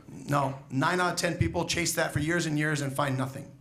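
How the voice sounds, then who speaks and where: A man's voice: on the high side, fast, vocal fry, few pauses, sharp tone. A man who is a school educator, giving a graduation speech in an emphatic storytelling manner, asking the graduates rhetorical questions.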